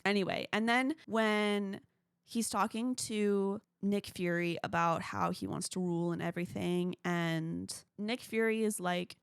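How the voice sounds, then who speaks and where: A woman's voice: mid-range voice, fairly even intonation, a little slow, gravelly, smooth, no echo, studio quality. A young woman hosting a casual solo podcast, chatting with gushing fan enthusiasm. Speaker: podcast host.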